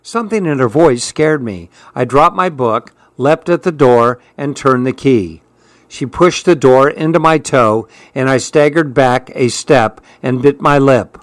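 A man narrating an audiobook in a steady, even reading voice at a middle pitch. The recording is dry and close, with no room sound. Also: unhurried, no echo.

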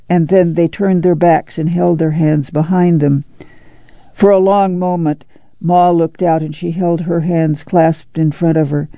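A woman reading a novel aloud as audiobook narrator, steady and unhurried. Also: deep voice, gravelly, no echo, dull audio.

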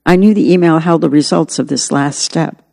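A woman's voice: low voice, normal speed, gravelly, a little mellow, big-room sound. A woman narrating her own memoir as an audiobook, in an earnest, reflective way.

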